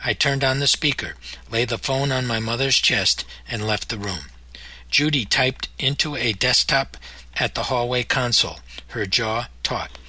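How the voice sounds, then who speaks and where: Bright, husky male memoir narrator. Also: medium pitch, no room sound, rough recording. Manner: measured, somber narration. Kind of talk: audiobook memoir reading.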